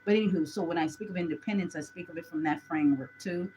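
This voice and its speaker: A woman's voice: on the low side, quick pace, warm tone, slight background noise, poor audio. A woman gives a chatty live tarot reading, talking straight to her viewers. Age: 40s. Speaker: tarot reader.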